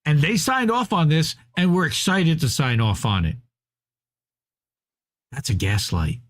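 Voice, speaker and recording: A man's voice: on the high side, expressive, unhurried. A man co-hosting a podcast, ranting about labor in casual, profane, fired-up chat. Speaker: podcast co-host.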